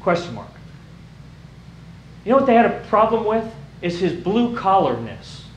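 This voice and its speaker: Male pastor, sermon delivery, high voice, lively, recorded in a roomy church. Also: normal speed, a little hiss or hum. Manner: animated, rises to shouting for emphasis. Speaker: preacher. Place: church sanctuary.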